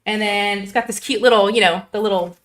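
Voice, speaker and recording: A woman hosting a casual craft livestream, gushing and excitable. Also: mid-range voice, fairly quick. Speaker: livestream host.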